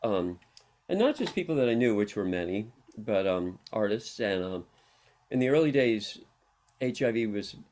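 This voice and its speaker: Guesting on an interview show, a middle-aged harm reduction worker rambles casually through personal stories, laughing frequently in between. He has a lowish, slightly mellow, expressive voice and speaks at a moderate pace.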